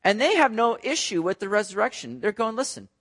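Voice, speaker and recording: High-voiced man preaching. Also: brisk. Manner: conversational, animated, repeats words. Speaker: pastor. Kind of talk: expository sermon.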